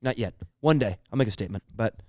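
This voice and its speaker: A man's voice: fairly low pitch, lively intonation, fast, darkish tone, no echo, clean studio sound. A young man co-hosting a podcast, chatting casually and often restarting his sentences. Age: young adult. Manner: hesitant, restarting phrases. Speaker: podcast co-host. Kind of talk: casual chat.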